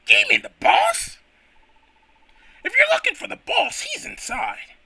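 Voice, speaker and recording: A man voicing a brash male apprentice carpenter creature in a high, nasal cartoonish voice with rough slang. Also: huge pitch swings, a little slow, sharp tone, no echo, full character voice.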